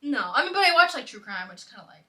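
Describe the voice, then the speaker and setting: Bright, chatty young woman. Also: sits high, racing. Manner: animated, rambling storyteller with constant "like". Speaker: host. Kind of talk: casual chat.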